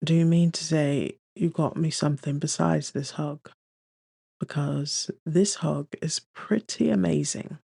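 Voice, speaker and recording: A woman voicing a charming male film star who murmurs tenderly, just above a whisper, in a low, dark voice. The voice has a gravelly edge and sits close and dry in an audiobook-style reading. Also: steady tone, a little slow, no room sound, full character voice. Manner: soft murmur, near whisper.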